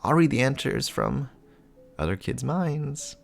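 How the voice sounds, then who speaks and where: A man voicing an excitable little girl in a comic reading with voices, squealing high and childish. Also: a little slow, gravelly, soft background music, exaggerated voice. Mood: whiny.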